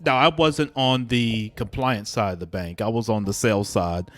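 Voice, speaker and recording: A man hosting a podcast interview, speaking in a halting way, searching for his words. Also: lowish voice. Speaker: podcast host.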